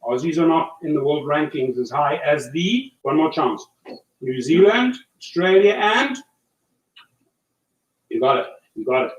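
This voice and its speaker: A man's voice: on the high side, lively intonation, a little slow, long pauses, dull audio. A man with a South African accent hosting a casual livestream, coaching listeners in an emphatic, repetitive way. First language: German. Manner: coaching, emphatic, repeats himself. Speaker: livestream host. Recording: echoey room, far from mic, faint noise.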